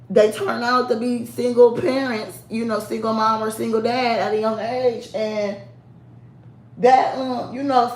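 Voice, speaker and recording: A woman chatting casually to camera, sassy and candid, laughing often. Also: fairly high pitch. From United States. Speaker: vlogger. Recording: echoey room.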